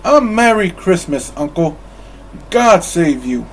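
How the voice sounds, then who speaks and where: A man voicing a cheerful, charming young man in a storybook reading, speaking out boomingly. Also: huge pitch swings, a little slow, a little hiss or hum. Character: cheerful, warm-hearted young man nephew.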